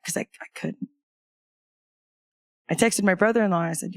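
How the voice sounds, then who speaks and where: A woman's voice: mid-range voice, moderate pace, dry recording. A woman guest on a podcast telling a personal story of loss in casual conversation, candid, with wry humor breaking through the grief.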